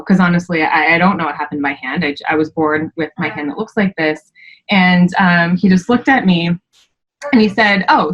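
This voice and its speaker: A woman in her twenties, a podcast guest, telling a personal story candidly, with many fillers and sharp rises when she quotes herself. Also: on the low side, dull audio.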